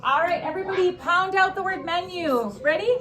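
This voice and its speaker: A young woman teaching a classroom spelling lesson, upbeat, stretching words and throwing in quick asides. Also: very high voice, a crowd in the background.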